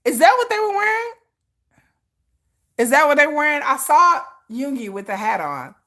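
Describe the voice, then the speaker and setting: A woman hosting a comedic commentary, telling a story with acted-out screams and frequent laughter. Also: mid-range voice. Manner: animated storytelling, acts out shouts and screams, laughs often. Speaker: commentary host.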